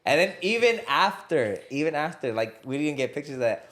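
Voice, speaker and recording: A man's voice: on the high side, brisk. A man and fighter, a podcast guest, telling a casual story in a parked car. He acts out what people said and often repeats his phrases. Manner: animated storyteller acting out quotes, repeats phrases.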